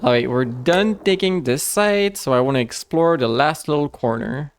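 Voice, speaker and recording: A man streaming a game live, chatting casually and rambling with many restarts and fillers. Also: medium pitch. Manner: rambling, halting with frequent restarts.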